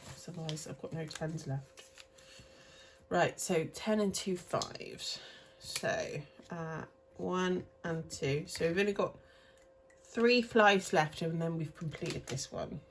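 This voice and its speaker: A woman's voice: low voice, slow pace, a little hiss or hum. A woman in her thirties, chatting casually and rambling as she sorts cash into budget envelopes. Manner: chatty and rambling, self-correcting. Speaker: cash stuffing vlogger. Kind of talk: casual chat while budgeting.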